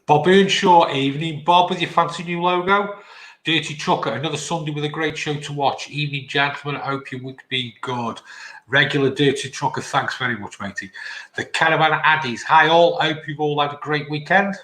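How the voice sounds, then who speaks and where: A man's voice: a little high, a little fast, pushed and bright. A man hosting a live show, reading viewer comments in a chirpy, bantering way. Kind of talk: casual live-stream chat. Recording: roomy echo.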